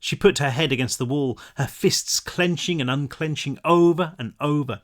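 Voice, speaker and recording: Guy reading his own book out loud, relaxed, fixes slips, slightly high voice. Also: moderate pace, hardly any pauses. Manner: relaxed, with self-corrections. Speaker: author reading his novel. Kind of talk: audiobook narration.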